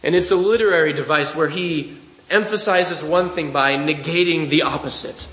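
A man with a somewhat high voice preaches with earnest conviction. He speaks in a measured way and slows down to press his key points home. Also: fairly bright tone, roomy sound, poor audio. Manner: measured, earnest expository preaching with slow emphatic phrases. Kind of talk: sermon.

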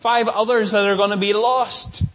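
A man voicing an arrogant, self-entitled rich man in hell, haughty and drawn-out. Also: high voice, steady tone, a bit bright. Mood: insistent.

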